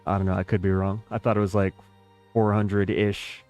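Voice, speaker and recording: Casual American male streamer, lowish voice, rambling and self-mocking chat with viewers. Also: level tone, brisk, a little mellow, soft background music. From United States. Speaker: game streamer. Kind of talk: casual live-stream chat while playing.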